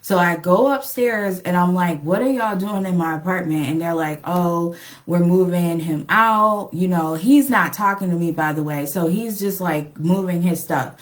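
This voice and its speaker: A woman's voice: on the low side, unhurried. A young adult woman casually telling a personal relationship story, full of "like" and "um" and acted-out quotes. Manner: chatty, lots of "like" and "um", acts out quoted lines. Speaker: relationship vlogger.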